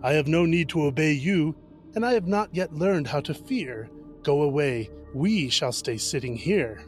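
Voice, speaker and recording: A man's voice: on the high side, animated, unhurried, soft background music. A man doing a bold fearless soldier. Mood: defiant. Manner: defiant, mocking.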